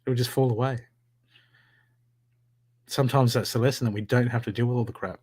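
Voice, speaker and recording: A man giving live psychic readings from home, talking in an animated, encouraging way with a lot of repetition. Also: mid-range voice, fairly quick, breathy edge. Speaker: psychic reader. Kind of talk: live-streamed spiritual reading.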